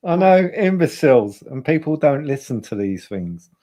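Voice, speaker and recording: A man's voice: on the high side, big pitch swings, normal speed, warm tone. A man hosting a casual livestream chat, talking bluntly with lots of swearing and repeated words. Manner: blunt, profane, repeats himself. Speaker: host.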